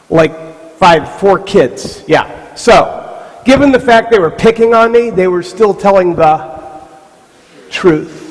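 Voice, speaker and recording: A man giving a live motivational talk to a youth camp, telling stories with animated voiced asides. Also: sits high. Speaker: motivational speaker. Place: large hall with live audience. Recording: stage mic in a reverberant hall.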